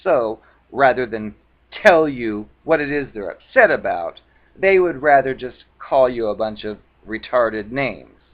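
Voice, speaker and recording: A man's voice: mid-range voice, animated, measured pace. A man giving advice in a casual talking-head monologue, speaking conversationally and acting out the retorts he quotes. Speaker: advice vlogger. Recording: dull lo-fi recording.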